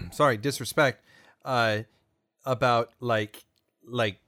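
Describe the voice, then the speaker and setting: A man co-hosting a podcast talks in loose, easygoing chat, his voice sitting at an ordinary pitch. He rambles through his points with plenty of fillers and restarts. The sound is dry and close, with no room around it. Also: takes it slowly, vocal fry, fairly bright tone, dry recording. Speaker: podcast co-host. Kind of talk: casual chat.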